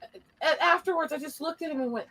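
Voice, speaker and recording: A woman in her forties tells a story on a casual livestream, her bright voice sitting a little high. She laughs often, swears freely, and rambles as she goes. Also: fairly quick. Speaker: podcast co-host.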